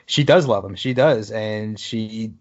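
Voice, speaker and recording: A man's voice: lowish voice, measured pace, darkish tone, muffled recording. A man in his twenties co-hosting a podcast, easygoing and sharing trivia with small hesitations. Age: 20s. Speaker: podcast co-host. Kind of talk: casual chat.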